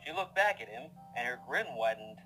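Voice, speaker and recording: A man reading narration for a fanfiction audio story in a steady, measured way. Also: medium pitch, rough recording. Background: background music.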